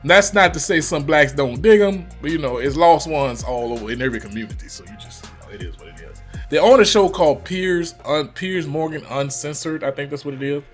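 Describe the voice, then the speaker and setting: Man, Virginia accent, casual reaction commentary, lively swinging pitch, slangy and blunt, faint music behind. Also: a little fast. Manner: loose, slangy, animated, swears freely. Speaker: reaction youtuber.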